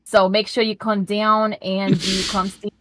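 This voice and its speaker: A woman's voice: medium pitch, level tone, measured pace, fairly bright tone, no echo. A woman from the New York area doing a playful, over-the-top New York accent while chatting casually as a player. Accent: put-on thick New York. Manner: playful, hamming it up. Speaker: player and Renaissance fair jouster. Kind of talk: casual chat.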